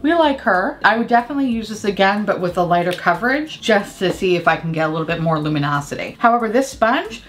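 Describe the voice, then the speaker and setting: A woman beauty vlogger chatting casually as she does her makeup and tells a story, candid, profane and quick to laugh. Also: medium pitch, sing-song, a little hiss or hum.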